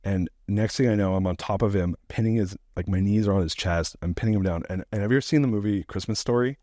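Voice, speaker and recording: A middle-aged man telling a profane, animated story as a podcast guest, laughing now and then. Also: lowish voice, fast, no echo, clean studio sound. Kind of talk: casual storytelling.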